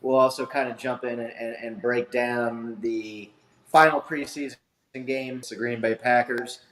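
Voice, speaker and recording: A man's voice: medium pitch, steady tone, unhurried, fairly bright tone. Rambling male podcast host, echoey. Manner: rambling, many fillers and restarts. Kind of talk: casual sports chat. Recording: echoey room sound.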